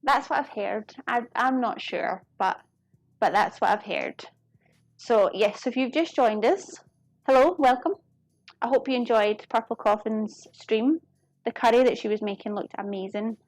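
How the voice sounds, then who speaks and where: A woman's voice: medium pitch, dry recording. A young woman with a Glasgow Scottish accent chatting casually to viewers while she cooks on a live stream, friendly and often apologetic. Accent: Glaswegian Scottish. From Scotland. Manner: chatty, apologetic, quick to laugh.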